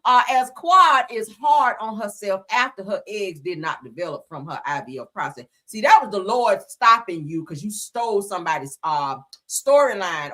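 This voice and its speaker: Sassy woman gossip host. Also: mid-range voice. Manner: sassy, animated, slangy, laughing asides. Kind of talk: casual gossip commentary.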